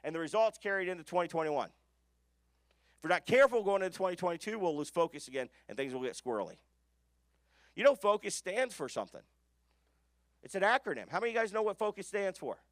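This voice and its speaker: Male business coach, high-pitched, emphatic seminar delivery, dry close sound. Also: sing-song, brisk, long pauses, dry recording. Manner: emphatic, asks the room questions. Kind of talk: live seminar talk. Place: conference room with an audience.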